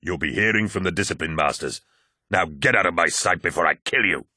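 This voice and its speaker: A man's voice: deep voice, moderate pace, pushed and bright, slightly rough, no room sound, clean studio sound, heavily acted. A man voicing a towering superhuman warrior captain in an audiobook who speaks coldly and with menace. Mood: menacing. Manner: cold and menacing. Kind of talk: audiobook character voice.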